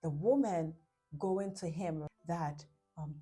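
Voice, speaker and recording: Lowish-voiced woman giving relationship advice. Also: expressive, unhurried, a little mellow, faint music behind. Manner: explains with examples and acts out quotes, often tags "right?". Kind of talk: casual advice talk to camera.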